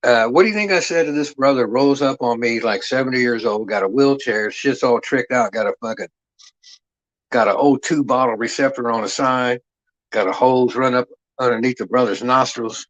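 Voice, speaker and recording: A man's voice: medium pitch, normal speed, fairly bright tone. Man, livestream host, profane streetwise banter, rambling storyteller, muffled lo-fi sound.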